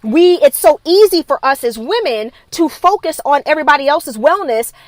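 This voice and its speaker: A woman's voice: high voice, lively intonation, moderate pace, dry recording. A woman wellness coach giving a live-streamed motivational talk into her phone, emphatic and repetitive, driving her points home with a preachy insistence.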